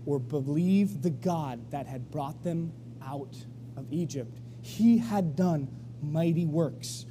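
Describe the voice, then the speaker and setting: A man preaching a sermon in a church, telling the story in a lively way and acting out the voices of the people. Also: on the high side, a little hiss or hum. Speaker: pastor. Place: church sanctuary. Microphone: live stream.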